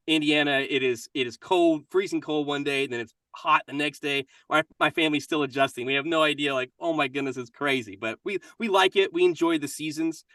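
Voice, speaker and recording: A man's voice: on the high side, pushed and bright, dry recording, recorded from a distance. A man in his forties with a Kentucky accent, chatting as a guest in an interview in a friendly, upbeat way. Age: 40s. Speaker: guest voice actor. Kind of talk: casual interview chat.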